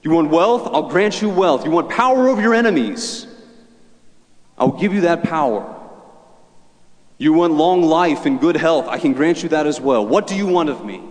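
A man's voice: on the high side, animated, normal speed, long reverb tail, pitched above the performer's own voice, natural voice. A man voicing God in a dream, with a proclaiming, generous manner. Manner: proclaiming, offering.

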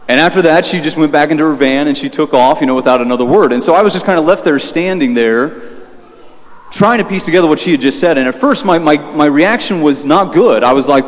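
A man's voice: fairly high pitch, a little fast, in a large hall. A young man, a Catholic priest, preaching a sermon in a conversational way, telling a personal story with fillers and restarts.

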